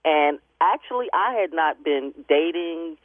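A woman's voice: deep voice, lively intonation, measured pace, no echo. A woman phoning in to a radio show. She tells her story in an emotional, chatty way, laughing through it and tearing up. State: tearful. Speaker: caller. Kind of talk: phone-in radio call. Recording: tinny phone line.

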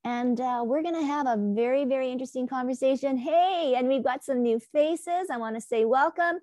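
A woman's voice: high-pitched, moderate pace, dark tone, dry recording, clean studio sound. A woman hosting a casual video call chat, chatty and upbeat, laughing easily as she greets her guests. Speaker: host.

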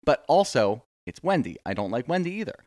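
A man's voice: mid-range voice, very animated, fairly quick, a little mellow, dry recording, clean studio sound. A man co-hosting a casual reality TV recap podcast, ranting bluntly with plenty of swearing. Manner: blunt, profane, opinionated rants. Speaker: podcast co-host.

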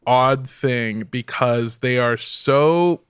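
A man's voice: medium pitch, very slow, clean tone, no echo, studio quality. A man co-hosting a casual podcast chat, telling stories animatedly and swearing freely. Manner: profane, animated storyteller. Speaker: podcast co-host.

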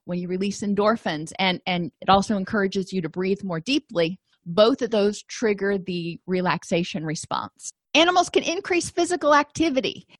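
A woman's voice: mid-range voice, expressive, normal speed, hardly any pauses, no room sound. A middle-aged woman giving a conversational lecture as an instructor, thinking aloud with fillers and restarts. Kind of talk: recorded lecture.

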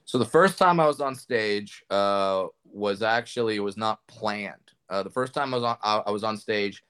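A man's voice: on the low side, a bit bright, clear, resonant tone. A man, a comedian guest, telling candid stories in a casual interview with frequent restarts.

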